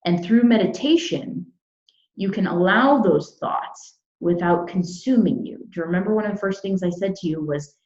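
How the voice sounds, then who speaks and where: A woman's voice: medium pitch, normal speed, darkish tone. A woman teaching meditation in a live talk, emphatic and repeating her key phrases over a video call. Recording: echoey, dull lo-fi sound.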